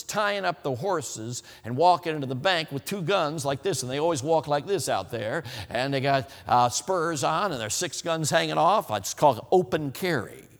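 Emphatic preacher in a reverberant hall. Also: male voice, fairly high pitch, a bit bright. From United States. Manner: emphatic, repeats points, addresses the crowd as friends. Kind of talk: sermon.

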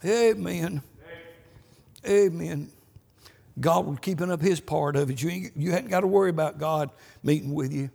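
A man delivers a folksy sermon with a high, gravelly voice. His tone is slightly husky, and he sprinkles amens throughout. A long reverb from a church hall trails his words. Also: moderate pace, a little mellow. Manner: folksy storytelling, repeated amens. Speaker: pastor.

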